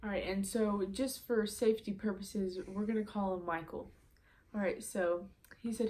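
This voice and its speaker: A woman's voice: mid-range voice, steady tone, normal speed, dark tone. A teenage girl telling a story on her vlog in a chatty way, full of "um" and "like". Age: late teens. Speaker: vlogger.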